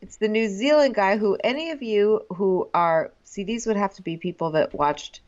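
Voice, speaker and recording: A woman's voice: medium pitch, moderate pace, darkish tone. A woman co-hosting a casual podcast, chatting wryly about a dating show. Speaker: podcast co-host. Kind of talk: casual chat recapping a reality dating show. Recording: dull lo-fi sound.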